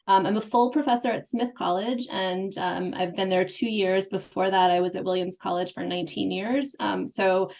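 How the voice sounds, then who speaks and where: A woman's voice: medium pitch, steady tone, normal speed, gravelly, few pauses, darkish tone. A middle-aged woman, a professor on a webinar panel, speaking earnestly and conversationally over a video call.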